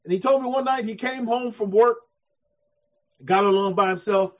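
On a dull, lo-fi recording, a pastor preaches in a high-pitched male voice, trading call-and-response with his listeners. He builds to fervent shouting before sinking back into soft, slow stretches.

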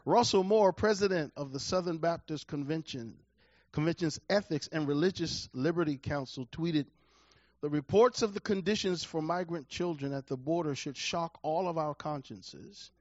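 Emphatic preacher with a high voice. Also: male voice, moderate pace, dry recording, dull audio. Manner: emphatic preaching, repeats key phrases, swings from quiet to loud. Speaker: pastor. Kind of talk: sermon.

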